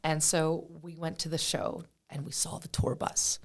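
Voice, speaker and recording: Brief: woman from Pennsylvania, guest musician, low-ish voice, animated chatty storytelling. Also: normal speed. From Pennsylvania, USA. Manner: animated, chatty, many fillers. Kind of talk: casual interview storytelling.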